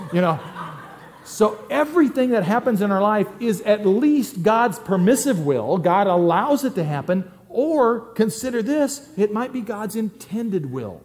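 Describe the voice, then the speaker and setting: A pastor delivers a sermon in a conversational manner, frequently repeating words as he begins sentences. His voice sits high with a somewhat dark tone.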